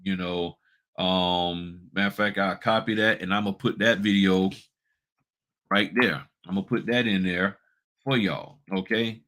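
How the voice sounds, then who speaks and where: A man's voice: sits low, fairly even intonation, unhurried, fairly bright tone. A man hosting a notary business channel, talking casually and bluntly, firing off rhetorical questions in a colloquial way. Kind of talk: casual advice talk with screen walkthrough.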